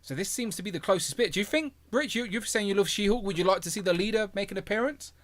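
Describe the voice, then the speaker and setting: Chatty, higher-voiced male stream host. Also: quick pace, fairly bright tone. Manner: rambling, chatty, reads out viewer messages. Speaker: host of a live toy stream. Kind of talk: casual chat.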